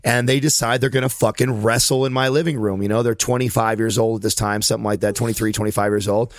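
A man in his thirties telling a long story on a podcast, animated and profane. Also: lowish voice, quick pace, no echo, studio quality. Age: 30s. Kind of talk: casual chat, storytelling. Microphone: studio mic.

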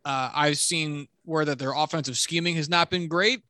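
Casting note: man co-hosting a sports podcast, bright and slightly high voice, joking, self-deprecating. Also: steady tone, normal speed, no echo. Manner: chatty, self-deprecating, joking trash talk. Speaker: podcast co-host. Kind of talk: casual sports chat.

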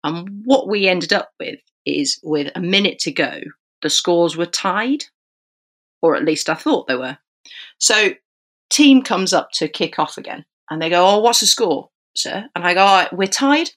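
Woman referee; animated podcast storyteller who acts out the voices in her tale, slightly low voice. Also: unhurried. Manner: animated storyteller acting out dialogue. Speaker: rugby referee. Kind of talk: podcast anecdote.

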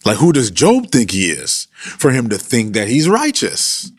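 A man's voice: mid-range voice, wildly swooping pitch, a little slow, husky, no echo, studio quality, heavily acted. A man voicing a brash, streetwise young male challenger who scolds in slangy, confrontational talk.

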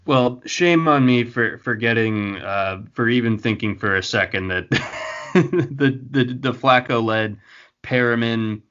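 A man's voice: medium pitch, takes it slowly, fairly bright tone. Guy hosting a podcast, stumbly casual talk, kinda muffled audio. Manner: hesitant, many restarts and fillers. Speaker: podcast host. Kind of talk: casual fantasy football chat.

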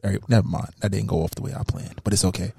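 Brief: male co-host, quick mellow talk, put-on radio voice, dry close mic. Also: dry recording. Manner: mock radio voice, deep and smooth, relaxed. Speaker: podcast co-host. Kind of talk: casual podcast chat.

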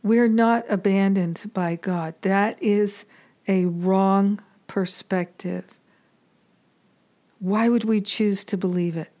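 A woman giving a reflective spiritual teaching talk, measured and earnest, pausing often between thoughts. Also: medium pitch, steady tone, mellow.

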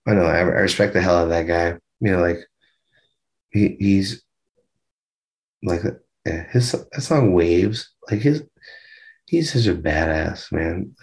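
A man's voice: sits low, measured pace, long pauses, a little mellow, slightly rough. A man, a band member, chatting loosely in a video-call interview, rambling with lots of fillers and the odd swear.

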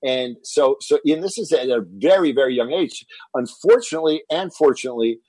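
A man's voice: medium pitch, a little fast, husky, no echo, low-quality recording. A man telling a personal story as a podcast guest, acting out what his family said. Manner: animated, acts out quoted family dialogue.

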